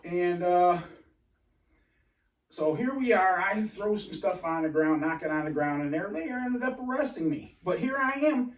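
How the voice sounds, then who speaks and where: Agitated high-voiced man, roomy and distant. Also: animated. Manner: agitated, halting, many restarts; profane. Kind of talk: rambling personal story.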